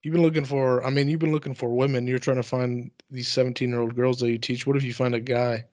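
A man in casual chat, teasing in a deadpan way and swearing. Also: medium pitch, fast talker, no room sound.

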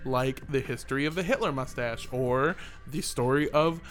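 A man's voice: mid-range voice, normal speed, a bit bright, soft background music. A man hosting a podcast in casual, joking banter, reading listener reviews aloud. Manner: playful, jokey, reads listener reviews aloud. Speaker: podcast host.

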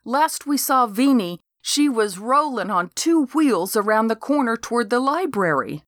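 An older woman narrating a comic novel in first person, with a dry, deadpan delivery. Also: fairly high pitch, unhurried, no echo. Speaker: audiobook narrator.

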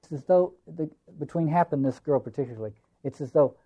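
A man's voice: on the high side, fairly quick, dark tone, low-quality recording. A man giving a lecture on a play, musing and reflective, repeating phrases for emphasis.

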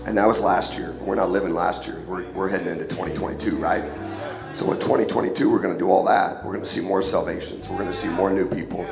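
A man preaching a casual, joking sermon in church, hoarse and sniffling from a cold, often calling for an amen. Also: deep voice, fairly even intonation, fast. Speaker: guest preacher. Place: church sanctuary. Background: music.

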